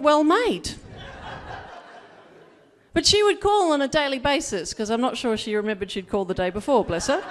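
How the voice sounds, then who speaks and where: A woman with an Australian accent doing a chatty stand-up comedy set, slipping into quoted voices. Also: on the high side. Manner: chatty storytelling with put-on voices. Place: comedy gala stage.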